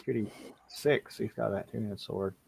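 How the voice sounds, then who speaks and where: A man's voice: fairly low pitch, vocal fry, a little mellow, a little hiss or hum. Casual man running a tabletop game. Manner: casual, laughing, voices characters in quick bursts. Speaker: game master. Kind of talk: narrating a tabletop game live.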